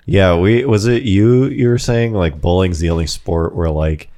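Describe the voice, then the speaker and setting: A man's voice: deep voice, normal speed, warm tone. A man co-hosting a podcast in front of a live audience, in easygoing casual chat, laughing often and padding his talk with fillers. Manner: laid-back, laughs often, trails off with fillers. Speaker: podcast co-host.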